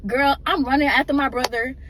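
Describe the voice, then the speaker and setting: A woman's voice: high voice, steady tone, fairly quick, fairly bright tone, slight background noise. A woman emotionally telling a personal story in a casual, rambling way and often addressing her listeners directly.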